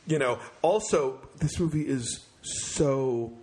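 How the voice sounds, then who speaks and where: A man's voice: mid-range voice, takes it slowly, a little mellow. Opinionated man reviewing films. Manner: blunt, opinionated, many ums and uhs. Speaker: film critic co-host. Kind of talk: casual film review chat.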